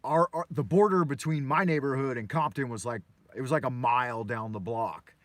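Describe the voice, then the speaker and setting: A man's voice: mid-range voice, fairly quick, fairly bright tone, no room sound. An American man from Los Angeles hosting a live morning show from his car, telling stories in a loose, profane, meandering way. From Los Angeles, USA. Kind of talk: rambling live-stream storytelling.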